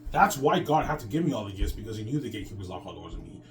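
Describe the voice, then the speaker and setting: A man's voice: on the low side, big pitch swings, very fast. A man delivering a boastful, rambling monologue with stammering restarts. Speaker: vlogger. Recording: distant mic with clear background music.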